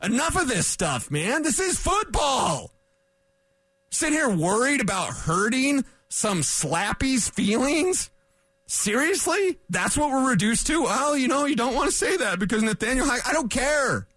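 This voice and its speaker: A man's voice: very high voice, sing-song, normal speed, hardly any pauses, fairly bright tone, no room sound. A male sports radio host delivering a fired-up, combative rant in a studio, hammering his points with repetition. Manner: emphatic, combative, repeats points for punch.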